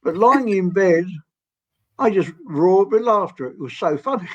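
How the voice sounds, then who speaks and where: A man's voice: high voice, lively intonation, unhurried. Rambling man in his eighties. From England. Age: 80s. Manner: gentle, rambling, laughs often. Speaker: guest. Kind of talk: storytelling interview. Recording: dull lo-fi audio.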